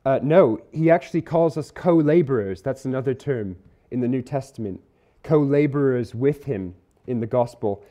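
A man delivers a church sermon in an earnest, conversational way. His voice sits at an ordinary pitch with a soft, mellow warmth. He slows down deliberately to stress the key words. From Isle of Man or UK. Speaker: preacher. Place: church hall.

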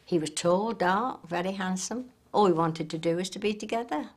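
A woman's voice: fairly low pitch, moderate pace, husky. An older woman reflectively recalling her youth in an interview. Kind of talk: reminiscing interview.

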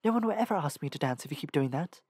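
A man voicing a sharp-tongued, defensive young woman assassin in an audiobook. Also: a little high, animated, rapid-fire, husky, dry recording, studio quality. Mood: annoyed.

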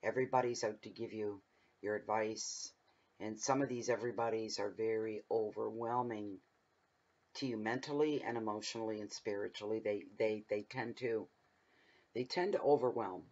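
A man's voice: lowish voice, fairly even intonation, moderate pace, a little mellow, dull audio. A man giving a casual tarot reading at home, talking in a rambling, chatty way that drifts into personal stories. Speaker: tarot reader. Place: home room at night, windows open.

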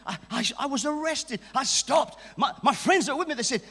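A man preaching a sermon at a church service, exuberant and shouting and joking with the congregation. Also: very high-pitched, expressive, a little fast, vocal fry, few pauses, in a large hall.

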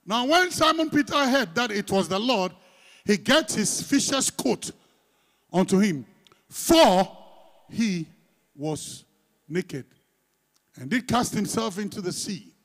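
A male pastor, leading his congregation through a scripture reading, teasing them between soft asides and loud, emphatic lines. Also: sits high, very animated, slow, long pauses. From Ghana. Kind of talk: sermon with congregational call-and-response. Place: church sanctuary.

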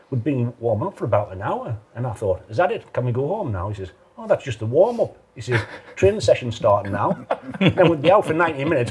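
A man's voice: mid-range voice, darkish tone, husky. A man who used to play football, telling training-ground stories in a casual interview, laughing often and acting out the dialogue. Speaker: former footballer.

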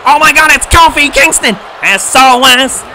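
A man giving excited, shouted commentary on a wrestling video game during a live stream, laughing often. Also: very high voice, normal speed, a little hiss or hum.

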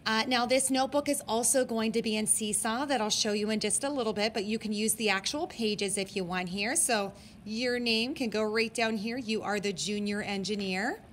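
A school librarian speaking to young children in a recorded lesson, explaining things step by step. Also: female voice, fairly high pitch, normal speed, few pauses, fairly bright tone, a little hiss or hum. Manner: friendly teacher explaining step by step.

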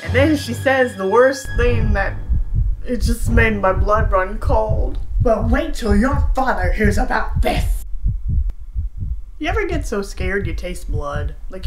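A woman's voice: medium pitch, slight background noise. A young woman vlogger telling a storytime tale in a sarcastic, self-mocking way. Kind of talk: storytime monologue.

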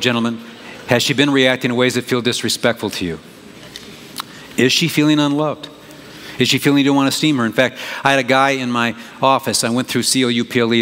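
Animated man preaching a sermon in a hall. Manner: animated, conversational, leaps in pitch for emphasis. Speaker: pastor. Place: church sanctuary. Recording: reverberant church hall, faint noise.

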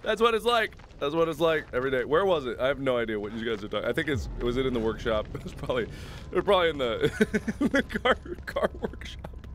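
A man in his twenties playing a game and chatting jokily with his viewers in an excitable way. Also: mid-range voice, fast, slight background noise. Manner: excitable, jokey, talks to viewers. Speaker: gaming host. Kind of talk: let's play commentary.

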